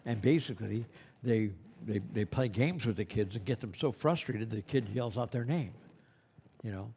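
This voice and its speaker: A man's voice: on the low side, normal speed, creaky, warm tone, slightly rough. A man teaching a class of Santas, talking in a loose, conversational way full of asides. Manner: rambling and conversational, with many "you know"s. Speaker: instructor at a school for Santas. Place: classroom with students present.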